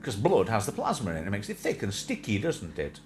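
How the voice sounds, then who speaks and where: A man's voice: on the low side, huge pitch swings, brisk. A man hosting a livestream, chatting in a rambling, jokey way and wandering off on tangents. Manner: jokey, digressive, slips into silly put-on voices. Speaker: livestream host. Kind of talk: rambling casual chat.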